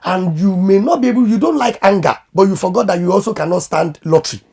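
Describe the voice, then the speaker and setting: A man who is a pastor and marriage coach, giving animated advice in conversation and acting out quoted voices. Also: sits high, quick pace, gravelly, slightly rough.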